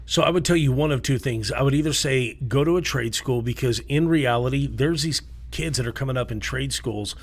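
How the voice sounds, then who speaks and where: A man co-hosting a casual podcast chat, laying out advice emphatically. He often pauses to check in with a quick "okay?". His voice sits at an ordinary middle pitch. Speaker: podcast co-host.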